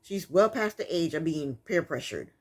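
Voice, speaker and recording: A woman's voice: low voice, lively intonation, moderate pace. A woman giving a casual, opinionated recap of a reality TV episode, sassy and exasperated. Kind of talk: casual commentary.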